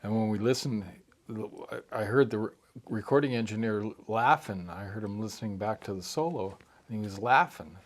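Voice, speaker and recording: Male musician guest, low-pitched, casual interview storyteller who rambles and restarts. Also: moderate pace. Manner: rambling, full of restarts and asides. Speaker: harmonica player and musician.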